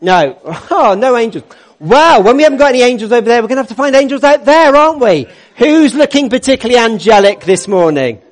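A man's voice: very high voice, expressive, fairly quick. A man leading a church congregation, upbeat and jokey as he coaxes people into place. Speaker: church service leader.

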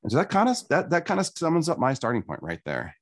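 Animated man telling his story. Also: medium pitch, fast talker. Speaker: guest sharing his story. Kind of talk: personal storytelling in conversation.

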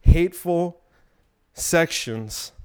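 A man's voice: fairly high pitch, drawn-out words, clean tone. Breathless man rambling on his podcast. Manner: rambling, provocative, irreverent. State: out of breath while exercising. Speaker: podcast host. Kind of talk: solo podcast monologue.

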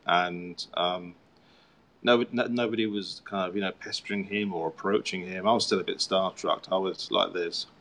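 A man with a fairly low voice talks casually as a guest author. He rambles through his stories with self-mocking humor, full of fillers and restarts. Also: steady tone, moderate pace, fairly bright tone. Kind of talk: casual chat.

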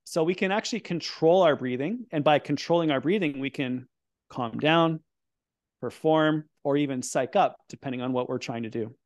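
A man's voice: on the high side, dry recording, muffled recording. Upbeat middle-aged man explaining. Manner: explanatory, upbeat, talks in quick bursts. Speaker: guest expert on breathing and performance. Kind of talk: casual podcast conversation, guiding a breathing exercise.

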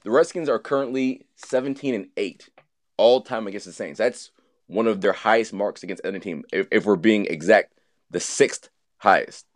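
A man's voice: fairly low pitch, normal speed. A man hosting a casual sports podcast, quizzing his co-hosts with stats and joking around. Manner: animated, quizzing friends, jokes and impressions. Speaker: podcast host.

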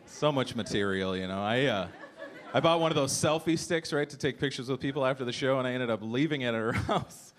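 A man in his thirties performing a stand-up comedy set, animated and jumping into shouted voices for jokes. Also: mid-range voice, fairly quick. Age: 30s. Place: comedy club stage.

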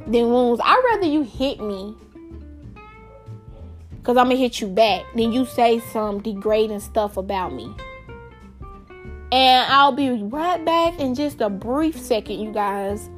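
A woman's voice: fairly high pitch, animated, slow, pauses often, soft background music. A young woman hosting a casual solo podcast, talking in a chatty, emphatic way and calling her listeners y'all. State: out of breath. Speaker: podcast host.

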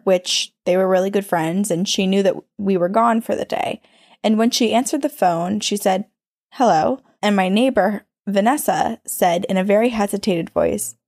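Woman co-host with a gravelly, dry voice. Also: mid-range voice, a little mellow, dry recording. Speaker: podcast co-host. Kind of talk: reading a listener's ghost story aloud.

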